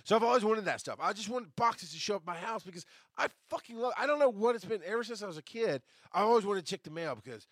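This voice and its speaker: A man hosts a podcast in a loose, rambling monologue, swearing freely and stopping to reply to live chat. His voice sits a bit high and swings widely up and down as he talks. The sound is close and dry. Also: expressive, quick pace, hardly any pauses, a bit bright, no room sound. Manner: answers live chat comments mid-talk. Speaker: podcast host. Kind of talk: casual spoken monologue.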